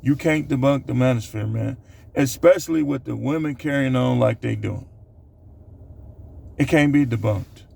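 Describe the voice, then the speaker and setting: His voice is mid-range, creaky and a touch mellow, moving at a moderate pace with frequent pauses. He's a channel host filming himself, casually working through a numbered countdown in a rambling monologue packed with fillers and asides.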